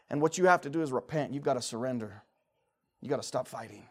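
Fervent male pastor in his forties, sermon delivery, fairly high voice, dramatic shifts from hushed to shouted. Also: expressive, fast. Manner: swings from quiet, low passages to loud, high-pitched shouting; fervent preaching with acted-out prayers and inner voices.

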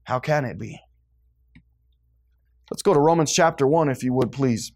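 A man preaching a fiery sermon to a congregation, swinging between loud emphasis and hushed, low-pitched lines. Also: moderate pace. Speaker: pastor.

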